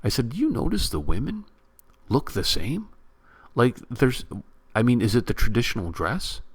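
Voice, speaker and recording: A man vlogging at home, ranting to his viewers in a casual, animated way and repeating himself for emphasis. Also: medium pitch, moderate pace, slightly rough. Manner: animated, repetitive, addresses viewers directly. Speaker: YouTube vlogger. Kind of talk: casual on-camera rant. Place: home room near a bedroom.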